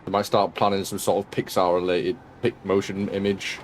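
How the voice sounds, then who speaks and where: A man's voice: sits low, level tone, moderate pace, few pauses. A man streaming a sim racing session, tired and yawning, chatting casually and joking with viewers he greets by name. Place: at home.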